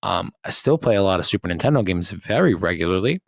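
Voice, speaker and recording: Laid-back joking podcast co-host, dry sound. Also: male voice, deep voice, animated, quick pace, creaky, no echo. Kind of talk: casual chat.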